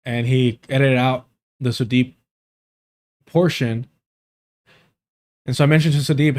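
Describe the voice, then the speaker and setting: A man's voice: medium pitch, steady tone, moderate pace, pauses often. A man hosting a livestream in casual chat, rambling and chuckling often as he talks. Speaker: livestream host.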